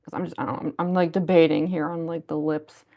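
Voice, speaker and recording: Giggly low-voiced woman with vocal fry. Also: flat delivery, fast, mellow. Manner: chatty, giggly, reads chat comments aloud. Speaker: cosplayer livestreamer. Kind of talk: casual livestream chat.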